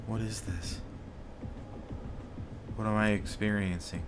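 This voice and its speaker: A man doing comedic gameplay commentary, rambling deadpan jokes broken by sudden loud shouts. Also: on the low side, slow, very noisy. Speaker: gaming video host. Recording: loud racing game sound over voice.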